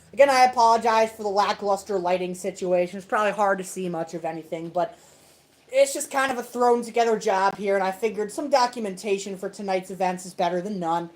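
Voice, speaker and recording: A woman's voice: mid-range voice, moderate pace, darkish tone, rough recording. Casual self-deprecating woman streaming. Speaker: host of a toy robot fight livestream. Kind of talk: casual livestream commentary.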